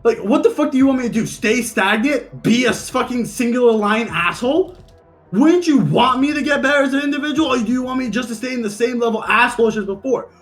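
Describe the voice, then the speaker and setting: A high-pitched man argues in voice chat, his voice jumping around as he gets defensive. He swears a lot and sounds fed up. Faint game music plays behind him. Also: lively intonation, quick pace. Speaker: streamer. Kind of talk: heated voice-chat argument.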